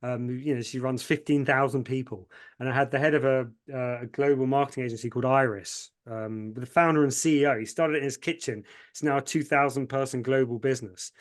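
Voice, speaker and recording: A man's voice: medium pitch, fairly even intonation, brisk, few pauses. A man, an agency founder speaking as a podcast guest, telling his story candidly and with feeling, repeating words when moved and acting out what others said.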